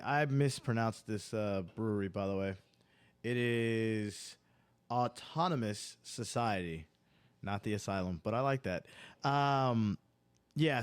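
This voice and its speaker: A man hosting an off-the-cuff sports show at an ordinary middle pitch. He rambles and doubles back on himself, then turns heated and swears freely as he rants about the games. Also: clean tone. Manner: profane, ranting, worked up; rambling, self-interrupting. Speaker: podcast host. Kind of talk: unscripted sports banter.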